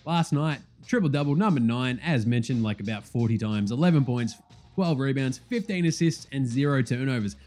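Animated, sweary host, lively pitch, light music bed. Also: male voice. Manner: animated, profane, fast rambling. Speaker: podcast host. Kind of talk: casual sports chat.

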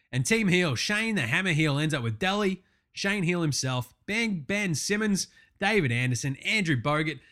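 An Australian man hosting a casual sports chat, excitable and full of profane, matey banter. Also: on the high side. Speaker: sports show host.

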